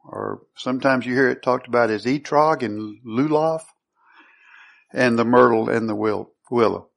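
A man's voice: medium pitch, normal speed, vocal fry. A man preaching a sermon who teaches through scripture, reading verses aloud and then asking his listeners questions he answers himself. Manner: asks the congregation rhetorical questions and answers them.

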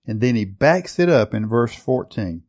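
A man preaching a sermon, emphatic, stretching out key words and often changing his loudness. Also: medium pitch, animated, normal speed.

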